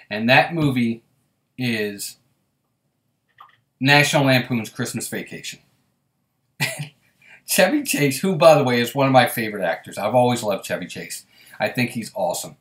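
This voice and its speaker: A man's voice: medium pitch, fairly bright tone, echoey room. A man hosting a casual live stream, chatting and laughing often as he reads viewer comments aloud. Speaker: host.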